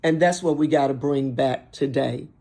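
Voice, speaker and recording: An older woman hosting an inspirational talk show, speaking emphatically and repeating and listing words in a steady rhythm. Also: rumbling low, moderate pace. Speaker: host.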